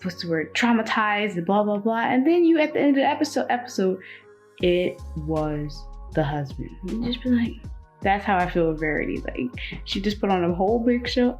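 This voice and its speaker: A young woman vlogging casually about a book, retelling the plot in an animated way and acting out quotes. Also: medium pitch, normal speed, lo-fi sound, faint music behind. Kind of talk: casual chat.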